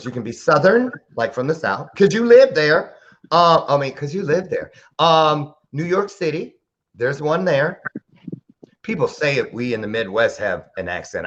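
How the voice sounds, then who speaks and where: A man's voice: medium pitch, lively intonation, normal speed, fairly bright tone, dull audio, slight background noise. A man hosting a casual podcast interview, playful and joking. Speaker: podcast host.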